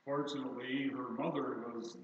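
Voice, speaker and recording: An older man preaches to his congregation in a loose, chatty way, telling stories with a dry, self-deprecating humor. His voice sits at a middle pitch and comes from a distance in a big, very echoey church. The sound is dull and muffled. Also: fairly even intonation, moderate pace, noisy background. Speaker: pastor. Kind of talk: sermon. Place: church sanctuary.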